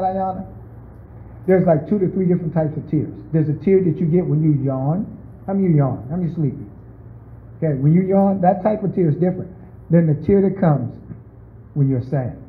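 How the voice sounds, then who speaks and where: Man preaching, high voice, calls on listeners by name, asks the room questions, tinny phone-like sound. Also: a little hiss or hum. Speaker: pastor. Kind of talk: conversational sermon.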